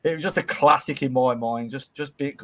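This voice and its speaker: A man's voice: medium pitch, brisk, pushed and bright. A man hosting a podcast, telling a school memory in loose, sweary casual chat with chuckles. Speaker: podcast host.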